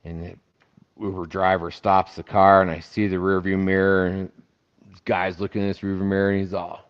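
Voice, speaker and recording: A man with a very low, smooth, resonant voice tells a story casually. He acts out the people in his anecdote as he goes. The recording sounds a little dull and lo-fi. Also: moderate pace. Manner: animated anecdote teller who acts out quoted voices. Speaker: podcast guest, festival founder.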